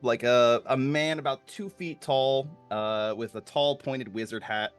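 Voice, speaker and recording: A man running a tabletop game as game master, narrating in a halting way with many fillers. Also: medium pitch, clean tone, soft background music.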